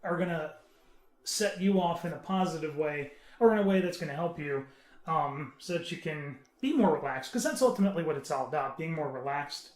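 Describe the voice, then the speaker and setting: A man in casual podcast chat, explaining earnestly with halting, restarting sentences. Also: on the high side. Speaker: podcast panelist. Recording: roomy echo.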